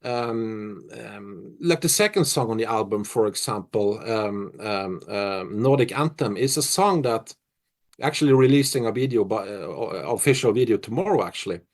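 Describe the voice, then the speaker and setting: Halting middle-aged man. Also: lowish voice, animated. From Norway. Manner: reflective, halting, many restarts and fillers. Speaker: musician being interviewed. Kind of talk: casual interview answers.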